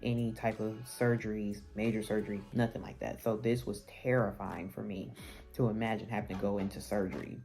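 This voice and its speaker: A woman's voice: very deep voice, fairly even intonation, a little fast, warm tone, soft background music. A woman vlogger telling a personal story in a candid, casual, conversational way, with many fillers and restarts.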